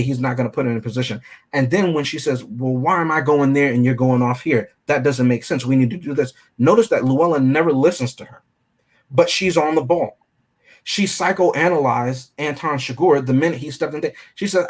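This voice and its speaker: A man with a husky, slightly breathy voice breaks down a film in relaxed review-show chat. He sits at an ordinary middle pitch and thinks out loud, picking apart scenes and checking in with "right?" as he goes. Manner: analytical, conversational, often checks in with "right?". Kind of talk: casual film review discussion.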